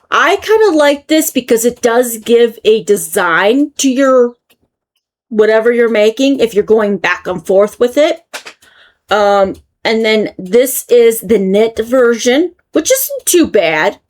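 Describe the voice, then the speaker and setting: An American woman hosting her own crochet channel, casually chatting through a yarn review and thinking aloud as she goes. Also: a little high. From United States. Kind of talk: casual product review chat.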